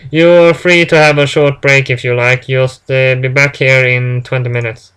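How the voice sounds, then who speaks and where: A man's voice: mid-range voice, fairly even intonation, unhurried, a bit bright, clear, resonant tone, close to an everyday voice. A man voicing a strict, fussy male lab supervisor who nags and checks the work. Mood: stern. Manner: stern, nagging.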